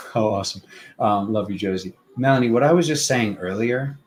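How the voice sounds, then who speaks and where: Low-voiced man giving tarot readings. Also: poor audio. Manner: unhurried, rambling spiritual talk with many fillers. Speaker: tarot reader hosting a live stream. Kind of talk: casual live-stream tarot reading.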